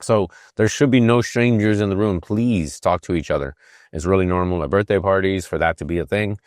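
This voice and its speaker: A man's voice: low-pitched, fairly quick, no echo, studio quality. A man in his fifties hosting a podcast, talking casually and reflectively, with many fillers and restarts. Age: 50s. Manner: emotional, rambling, frequent fillers and restarts. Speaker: podcast host.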